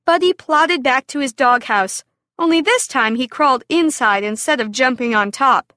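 A high, bright female voice reads a children's story, clear and expressive. She takes her time over each line. The sound is close and dry. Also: normal speed, dry recording.

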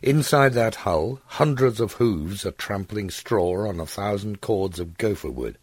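Older man, anxious and careful, put on by the male narrator; lively, husky. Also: on the low side, a little slow, dry recording, voice pushed up.

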